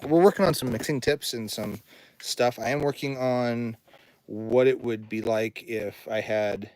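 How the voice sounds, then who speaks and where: A man's voice: medium pitch, a little slow, darkish tone. A man who runs a recording studio, chatting casually on a livestream, rambling and reading viewer comments aloud in his home studio.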